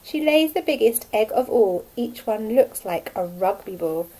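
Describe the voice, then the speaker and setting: A woman voicing a crafty female goose in a children's story, slow and sly. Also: mid-range voice, expressive, warm tone, husky, poor audio.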